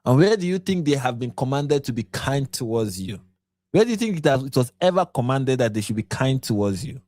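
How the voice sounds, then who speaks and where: A man's voice: medium pitch, very animated, a little fast, a little mellow, no echo. A man from Nigeria hosting a late-night commentary livestream, tired and yawning, pressing his points with repeated rhetorical questions. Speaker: livestream host.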